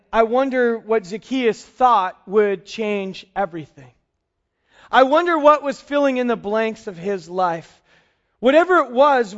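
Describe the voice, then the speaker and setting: Man, pastor, sermon, high voice, animated storytelling, somewhat muffled sound. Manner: storytelling, animated, slows for emphasis.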